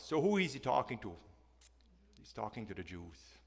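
A male preacher delivering a sermon with an emphatic, questioning style that swings between loud and hushed. His voice sits at an ordinary middle pitch, and a long reverb from the church hall hangs on every phrase. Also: sing-song, moderate pace, gravelly, pauses often. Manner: emphatic, asks the congregation questions.

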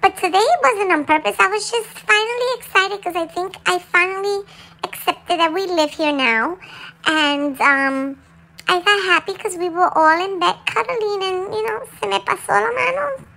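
Woman voicing a squeaky gravelly pet dog. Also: moderate pace, pushed and bright, heavily acted, poor audio. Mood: chatty confessional. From Puerto Rico. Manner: chatty, switches between English and Spanish. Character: small excitable pet dog, playful and rough. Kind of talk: confessional monologue in a dog's voice.

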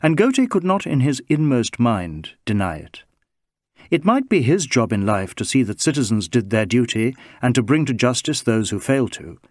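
A man reading a novel aloud as narrator, in a measured, expressive manner. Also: medium pitch, no room sound, clean studio sound. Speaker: audiobook narrator. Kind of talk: scripted narration.

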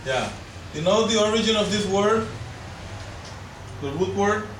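A man's voice: high-pitched, lively intonation, unhurried. A man teaching a language class and quizzing his students with questions. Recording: echoey room, camera far off, noisy.

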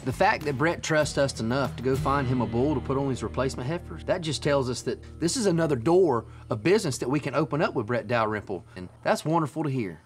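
Man, interview aside, earnest and reflective, brisk, faint music bed. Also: mid-range voice, animated. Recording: faint music under speech.

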